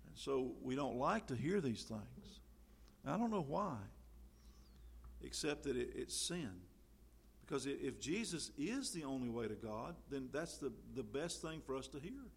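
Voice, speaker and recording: A man preaching a sermon in a conversational way, full of fillers, getting louder when he quotes scripture. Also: medium pitch, expressive, normal speed, slightly rough.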